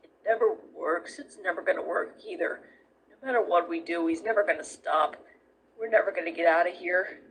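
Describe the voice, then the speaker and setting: A woman's voice: lowish voice, a little fast, breathy edge, low-quality recording. A woman voicing a weary, despairing little skeleton boy who speaks reluctantly in a fan comic dub. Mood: hopeless. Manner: flat, reluctant, then tearful.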